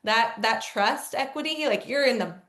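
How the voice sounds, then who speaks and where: A woman speaker and coach, a guest in an interview, telling stories in a lively, casual way with frequent "like". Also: on the high side, normal speed. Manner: lively storyteller, fills speech with "like". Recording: echoey room.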